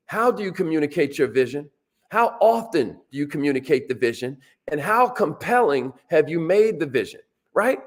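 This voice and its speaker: A motivational speaker giving a workshop talk, energetic and casual, repeating his lines and calling out to the listeners for responses. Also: fairly high pitch.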